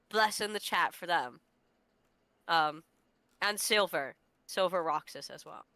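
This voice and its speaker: A woman's voice: fairly low pitch, wildly swooping pitch, takes it slowly, pushed and bright, clean tone, no room sound. A woman chatting casually on a gaming livestream, telling stories in a self-mocking, rambling way. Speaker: co-host guest on a gaming stream.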